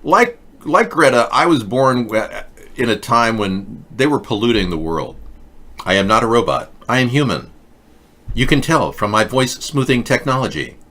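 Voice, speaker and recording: A man's voice: mid-range voice, lively intonation, normal speed, bright, forceful tone. A man hosting a live political chat show, talking in a sarcastic, mocking way. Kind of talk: casual satirical chat with live chat.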